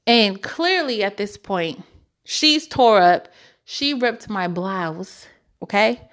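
A woman's voice: mid-range voice, expressive, takes it slowly, a bit bright. A young woman in her twenties telling a personal story to the camera in a candid, emotional and slangy way. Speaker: vlogger.

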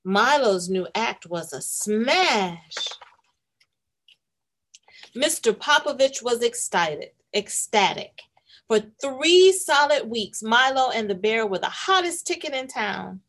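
A woman's voice: fairly high pitch, very animated. A woman hosting a read-aloud for children, reading a picture book and asking the young listeners questions. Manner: slow, warm, questioning the listeners.

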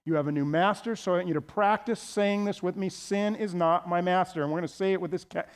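High-voiced man preaching emphatically. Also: fast talker. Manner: emphatic preaching, leads the congregation in call-and-response. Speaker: pastor. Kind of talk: sermon.

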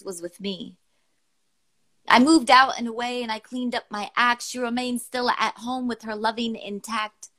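A woman's voice: fairly high pitch, fairly bright tone. A young woman co-hosting a poetry show over an online call. She swears freely, laughs easily and gets emotional while reading listener poems aloud. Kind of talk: casual chat and poetry reading.

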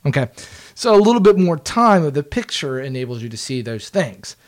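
Dude telling a story, swears a lot, laughs, kinda high voice. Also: male voice, fairly quick. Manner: profane, laughing, animated storyteller. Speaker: guest, former team video staffer. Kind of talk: casual storytelling chat.

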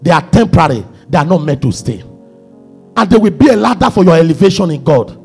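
A husky, gravelly male pastor preaching a sermon. His high voice leaps all over, rising to shouted peaks and dropping to near-murmurs, with faint music under him. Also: sing-song, fast talker. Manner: preaching with sudden shouted climaxes and hushed low passages.

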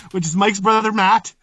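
A man's voice: high-pitched, steady tone, slow, bright, forceful tone, dry recording. A young man co-hosting a casual podcast, blunt and profane, often laughing as he talks. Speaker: co-host.

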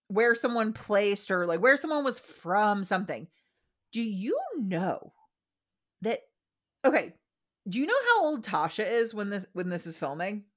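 A woman's voice: mid-range voice, a bit bright. A woman co-hosting a casual podcast, talking in a conversational, opinionated way with lots of fillers. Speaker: podcast co-host. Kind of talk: casual chat recapping a reality show.

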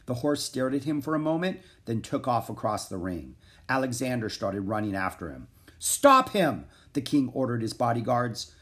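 A man narrating a children's chapter book aloud in an expressive, animated way. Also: medium pitch, moderate pace. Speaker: audiobook narrator.

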